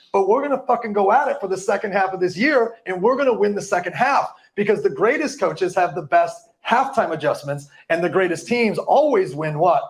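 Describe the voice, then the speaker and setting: A man's voice: high voice, vocal fry. A man giving a live motivational talk to an audience, hyped and profane, tripping over words now and then. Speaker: motivational speaker.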